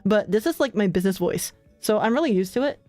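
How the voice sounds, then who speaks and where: A young woman streamer chatting casually with her viewers, relaxed and full of filler words, often laughing between thoughts. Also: medium pitch, fast talker, dry recording, soft background music. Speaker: streamer hosting her own channel.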